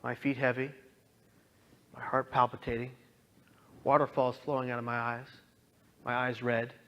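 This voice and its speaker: A man telling his own story as a dramatic testimony, impassioned and pleading, swinging from hushed lines to loud outbursts. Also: mid-range voice, flat delivery, normal speed, dull audio. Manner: pleading, directly addresses listeners. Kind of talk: dramatic personal testimony talk.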